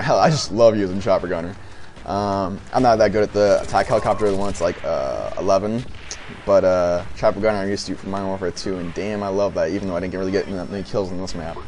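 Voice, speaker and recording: A man's voice: fairly low pitch, darkish tone, slight background noise. A young man giving off-the-cuff gameplay commentary, hesitant, with many fillers and restarts.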